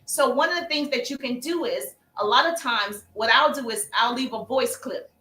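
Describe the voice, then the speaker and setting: In a room with a noticeable echo, a sales coach hosts a relaxed livestream, speaking at normal speed in a bright, high voice. She chats with her audience, calling them baby, and performs example messages.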